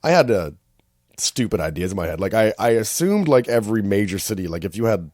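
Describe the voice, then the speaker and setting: A Canadian man co-hosting a podcast, telling travel stories in casual chat and acting out other people's lines in high voices. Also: fast, no room sound. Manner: animated storyteller, acts out quotes in high voices. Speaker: podcast co-host.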